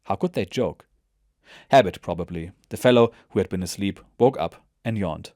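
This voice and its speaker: A man reads a soldier's memoir aloud in a measured, steady way. His voice is low, and the recording is dry and close. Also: no echo. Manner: measured, even narration. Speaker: narrator. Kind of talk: audiobook memoir reading.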